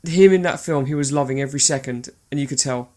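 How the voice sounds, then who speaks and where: A man talking about actors he admires, earnest and heartfelt, now and then swearing. His pitch is in the middle range. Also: fast, a little mellow. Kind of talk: casual film chat.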